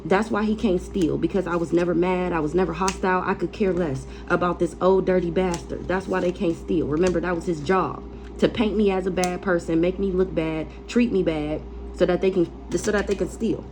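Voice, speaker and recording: A woman's voice: fairly low pitch, fairly even intonation, a little fast, noisy background. A woman tarot reader ranting casually, blunt, defiant and profane, repeating phrases for emphasis.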